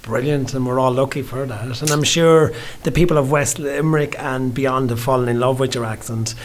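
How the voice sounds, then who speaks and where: A man's voice: medium pitch, steady tone, moderate pace. A man interviewing a guest on radio, encouraging and complimentary as he asks his questions.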